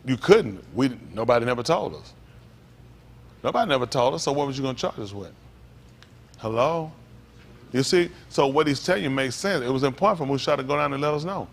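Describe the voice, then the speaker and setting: Shifting back and forth between slow, careful scripture reading and lively call-and-response remarks, a pastor with a mid-range voice delivers his sermon. He frequently rises into emphatic exclamations that sound like questions.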